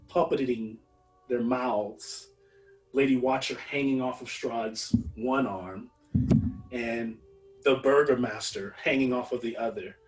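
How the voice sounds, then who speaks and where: A man narrating as game master in an unhurried, descriptive way with fillers. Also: medium pitch, far from the mic, low-quality recording.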